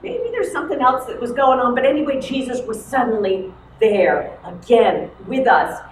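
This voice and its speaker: A woman retelling a Bible story in the first person, expressive with dramatic pauses, as in a church service. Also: a little high. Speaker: worship storyteller. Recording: echoey room, mic far off, noisy.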